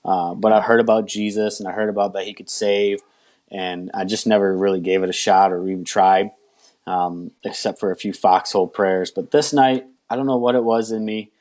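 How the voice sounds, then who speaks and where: Man, low voice, candid personal testimony, interview guest, storytelling. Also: steady tone, normal speed, a little mellow. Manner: candid, storytelling, acts out his own past lines.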